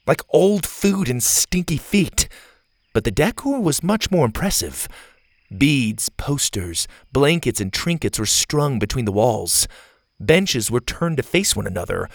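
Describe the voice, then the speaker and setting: Guy reading a kids adventure story, gravelly voice, really lively up and down delivery. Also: medium pitch, dry recording. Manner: animated, expressive reading. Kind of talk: scripted storybook narration.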